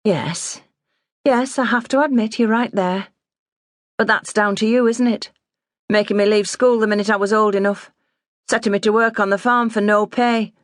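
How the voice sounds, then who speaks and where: A woman plays a sharp, defiant nineteen-year-old farm girl. Her voice rides higher than the narrator's own and snaps back with sarcasm, in a dry storybook reading. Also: fairly even intonation, normal speed, no room sound, natural voice.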